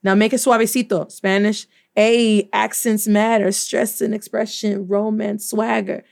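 Sassy woman, language-teacher type, slow and deliberate delivery, teasing and lively. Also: mid-range voice, creaky. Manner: playful, sassy, mixing English and Spanish. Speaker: Spanish teacher. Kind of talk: casual video lesson.

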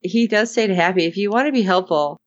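A woman co-hosting a casual recap chat, animated and acting out characters' lines in put-on voices. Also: medium pitch, quick pace, muffled recording. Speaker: podcast co-host.

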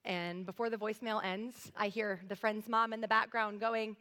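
This thirties-aged woman pastor speaks straight to her congregation in an earnest, conversational sermon that includes a personal story. Her medium-pitched voice is pushed and bright, with flat delivery, a moderate pace and hardly any pauses. Recorded in a church sanctuary, it carries long hall reverb.

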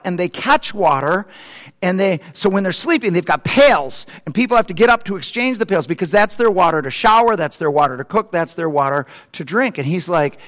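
Casting: high-voiced male pastor, animated preacher, big loud-to-soft swings, long hall reverb. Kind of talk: sermon.

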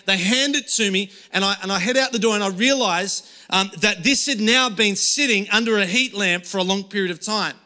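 Bright-voiced pastor preaching. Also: male voice, high-pitched. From Australia. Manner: conversational storytelling with frequent restarts. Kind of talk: sermon streamed online. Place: room with few people.

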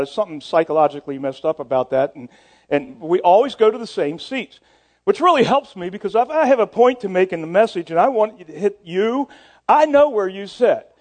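A middle-aged man preaching to his church in a loose, storytelling way, with a voice that sits a bit higher than most men's. He stumbles over words and repeats himself, joking at his own expense. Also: darkish tone. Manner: casual, self-deprecating, stumbles and repeats words. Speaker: pastor. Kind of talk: storytelling sermon.

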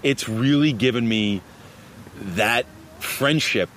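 A man's voice: medium pitch, slow. A man with a Long Island accent, a basketball referee telling stories in a casual interview and often tossing in "man". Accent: Long Island New York. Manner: animated, laughs often, says "man" a lot. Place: outdoors in a park, traffic behind. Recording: faint outdoor traffic noise.

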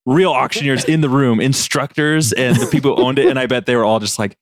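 A man from Montana co-hosting a podcast, telling a story in a casual, laughing way and slipping into quick impressions. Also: mid-range voice, fairly even intonation, no echo, clean studio sound. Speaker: podcast co-host.

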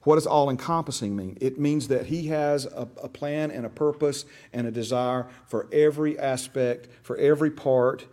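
Man, Bible class teacher, folksy conversational teaching, mid-pitched voice, keeps checking in with listeners. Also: moderate pace, hardly any pauses, darkish tone. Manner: checks in often with "right?" and "okay?"; folksy, with frequent restarts and repeated words.

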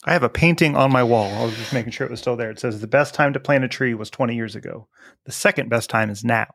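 Fast-talking gravelly man, dry sound. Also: medium pitch, fairly bright tone, no room sound. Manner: rambling, meandering, self-correcting. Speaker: podcast co-host, business owner. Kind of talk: casual podcast chat.

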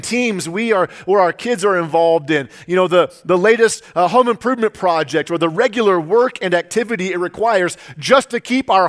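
A middle-aged man delivers a sermon in an earnest, conversational way. His voice sits a little higher than most men's, and he often stumbles and restarts mid-phrase as he talks. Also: a bit bright. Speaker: pastor.

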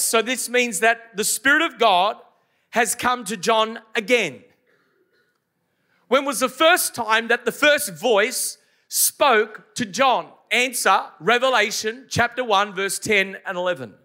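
A middle-aged man preaching at a church service, his voice sitting very high for a man and ringing bright and forceful. He drives his points home with repetition and rhetorical questions thrown at the congregation. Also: slow pace. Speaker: pastor. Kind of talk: sermon.

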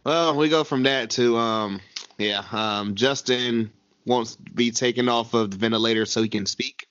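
A man co-hosting a podcast in a loose, animated way, stammering, restarting and swearing as he recaps a show. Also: medium pitch, moderate pace, no echo, dull audio. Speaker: podcast co-host. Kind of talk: casual chat recapping a TV show.

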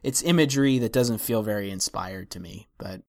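A man's voice: on the low side, a little fast, a little mellow. Wry, hesitant male podcast host. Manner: hesitant, restarts thoughts, wry. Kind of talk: casual film discussion.

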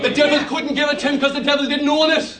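A man with an Irish accent and a very high voice preaches in a lively, joking way, rising to shouts at high points. His voice rings through a roomy church and sounds set back from the mic. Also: fast talker, far from the mic, crowd noise. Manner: humorous, lively, shouting at climaxes. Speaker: pastor. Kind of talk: sermon.

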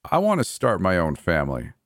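A man's voice: low-pitched, huge pitch swings, fairly quick, dry recording. Man playing a murderous brother, sneering, coldly cheerful, taunting, dry close sound. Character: mocking murderous adult brother, cold and gleeful. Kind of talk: horror story dialogue.

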